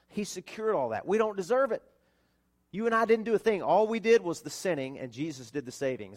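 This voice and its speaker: Man preaching with animated, rising delivery. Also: a little high. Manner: animated preaching, rising and falling between loud and hushed. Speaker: pastor. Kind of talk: sermon. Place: church service.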